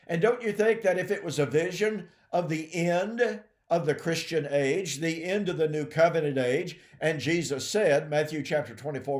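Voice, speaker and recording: A man giving emphatic Bible teaching, calling his listeners "folks" and often clearing his throat. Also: a little high, echoey room. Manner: emphatic, addresses listeners as folks and ladies and gentlemen.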